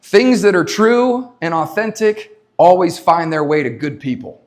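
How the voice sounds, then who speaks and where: A man giving an energetic motivational talk to a live audience at a leadership summit, repeating his points and asking the crowd questions. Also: high voice, unhurried. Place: conference stage before a live audience.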